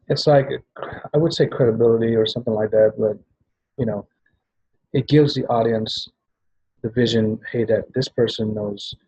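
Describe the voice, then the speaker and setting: A man's voice: fairly low pitch, mellow, slightly rough, dull audio. A man giving a rambling training talk to sales agents, often restarting and checking in with "right?". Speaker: business trainer at a travel party.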